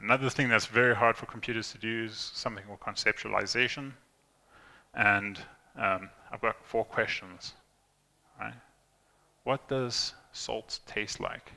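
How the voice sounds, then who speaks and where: A young conference speaker with a medium-pitched, creaky voice that sounds bright and forceful gives a loose, conversational tech talk. Fillers and restarts are frequent, quoted lines get acted out, and the hall is reverberant.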